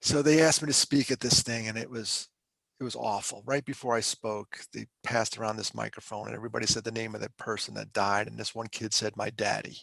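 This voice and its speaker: A man's voice: fairly low pitch, fairly even intonation, a little fast, gravelly, a bit bright, dry recording. A middle-aged man from Pennsylvania, a podcast guest and mental health speaker, telling his story candidly in a conversational, emotional, self-deprecating way.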